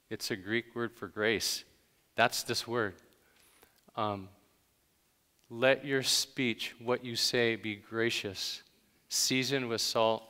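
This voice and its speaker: A man's voice: medium pitch, bright, forceful tone, clean tone, in a large hall. A man preaching a sermon in a conversational way, with sudden emphatic bursts. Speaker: pastor.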